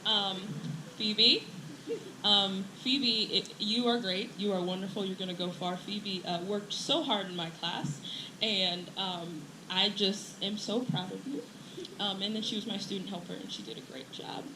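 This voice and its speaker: A woman's voice: medium pitch, steady tone, unhurried. Female teacher, graduation speech, giggly and teary, noisy echoey outdoor sound. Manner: emotional, laughing often, playful teasing. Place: outdoor ceremony with crowd.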